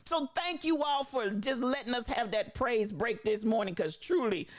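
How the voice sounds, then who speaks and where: A live streamer with a preacher's cadence, who talks exuberantly, repeats phrases and shouts out viewers by name. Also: medium pitch, normal speed.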